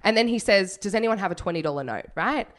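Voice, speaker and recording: A woman telling a story in casual chat, animated and laughing, swearing freely. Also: medium pitch, fast.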